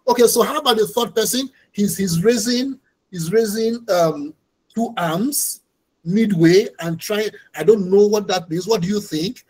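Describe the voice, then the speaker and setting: An instructor teaches a class over a video call. The voice is a little husky, and the delivery is patient and explanatory, often going back over the key points. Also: medium pitch, a little slow, a little mellow, poor audio. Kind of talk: online training lecture.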